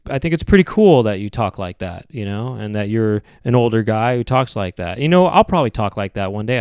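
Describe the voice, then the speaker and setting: A man hosting a podcast, rambling through a comedic monologue in a halting, hesitant way with many restarts and drawn-out phrases. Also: mid-range voice, dry recording, studio quality. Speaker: podcast host.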